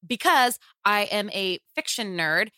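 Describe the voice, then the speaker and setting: A woman's voice: mid-range voice, expressive, measured pace, sharp tone, no room sound. A woman co-hosting a podcast who talks in a playful, joking way. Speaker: co-host. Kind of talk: casual podcast chat.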